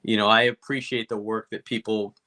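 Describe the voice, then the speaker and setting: A man co-hosting a movie podcast, laid-back and teasing, talking in halting casual banter. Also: lowish voice, flat delivery, bright, forceful tone. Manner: laid-back, ribbing, hesitant with fillers. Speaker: podcast co-host.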